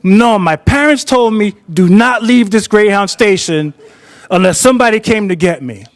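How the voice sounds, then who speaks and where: A man's voice: high voice, expressive, moderate pace, dry recording, studio quality. A man telling a story on stage who quotes an anxious young woman stranded at a bus station, pleading and apologetic, in a slightly raised voice. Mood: insistent. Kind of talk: quoted dialogue in live storytelling.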